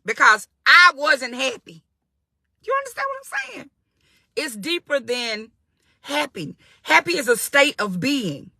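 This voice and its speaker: A woman's voice: high voice, big pitch swings, unhurried, bright, forceful tone, dry recording. A woman giving an informal, faith-based encouragement talk, emphatic and conversational and repeating her key points. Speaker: faith-based motivational speaker.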